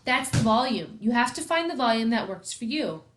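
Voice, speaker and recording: A woman's voice: a little high, very animated, normal speed, a bit bright. Storybook read-aloud: woman voicing a jokey, reassuring male ear doctor. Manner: cheerful, reassuring explanations.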